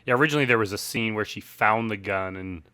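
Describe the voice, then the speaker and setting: A man giving a relaxed, rambling director's commentary on his film, full of fillers like "like" and "uh". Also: fairly low pitch, fast talker, clear, resonant tone, soft background music.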